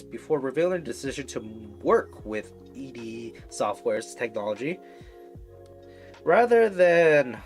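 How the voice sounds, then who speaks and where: A man reads an article aloud during a casual stream, halting and restarting as he goes. His pitch sits in an ordinary middle range. Faint music plays quietly behind him. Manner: stumbling, halting read with asides.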